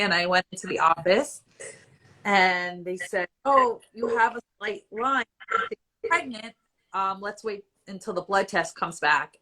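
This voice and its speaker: A woman in her forties with a bright, forward tone tells her own story in a live Q&A. She talks candidly and conversationally, and at times she is emotional. Her pitch sits in the middle for a woman. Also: poor audio. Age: 40s. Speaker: IVF patient guest.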